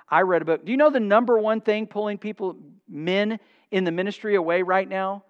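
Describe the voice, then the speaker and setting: An older man preaching a sermon as pastor, emphatic, with dramatic pauses and acted-out exchanges. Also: high voice, muffled recording.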